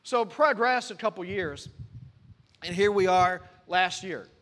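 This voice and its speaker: Pastor guy preaching, high bright voice, acts out the back and forth, lots of hall echo. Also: a little slow. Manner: animated storytelling, acting out conversations. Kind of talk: sermon with personal testimony. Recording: long reverb of a church hall.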